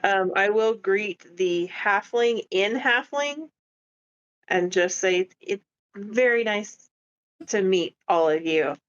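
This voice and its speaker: A woman's voice: mid-range voice, slow, smooth, dull audio. A woman playing a tabletop game, speaking hesitantly. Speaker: player. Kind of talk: casual tabletop play.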